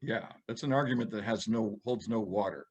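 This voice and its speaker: A man's voice: lowish voice, fairly quick, a little mellow, husky, muffled recording. A man in a casual conversation who encourages his co-host and prompts him with questions. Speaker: podcast co-host.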